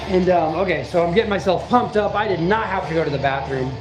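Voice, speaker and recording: A man casually telling a personal story, animated and repetitive, acting out what people said and the punches. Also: high-pitched, quick pace, roomy sound, over music.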